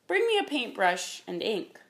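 A woman voicing a pompous, bullying male magistrate in a storybook reading, loud and demanding. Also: huge pitch swings, unhurried, creaky, full character voice. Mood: commanding. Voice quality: booming.

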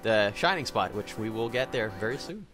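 Lively young man giving game commentary. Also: on the low side, moderate pace. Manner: jokey, laughs often, explains game mechanics. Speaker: let's play host and narrator. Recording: game music behind.

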